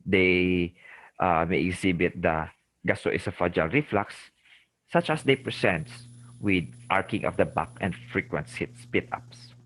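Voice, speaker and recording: A man's voice: low-pitched, measured pace, fairly bright tone, no echo, poor audio. A middle-aged man with a Filipino accent giving a recorded medical lecture, repeating key terms and checking in with "okay?" and "remember". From Philippines. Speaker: lecturer, ENT surgeon.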